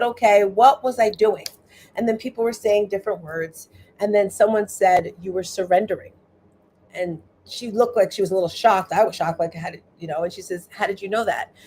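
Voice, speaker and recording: A woman hosting a motivational livestream, chatty and animated, often asking her viewers "right?" and speaking straight to them. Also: mid-range voice, slight background noise. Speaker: livestream host.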